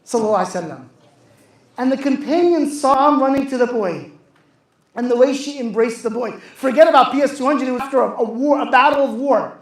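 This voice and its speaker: A man's voice: very high-pitched, fast talker. A man telling a religious story to young people, speaking with passion, repeating phrases and asking the audience questions. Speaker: youth speaker. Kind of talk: religious talk to a youth audience. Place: youth center hall. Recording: echoey hall.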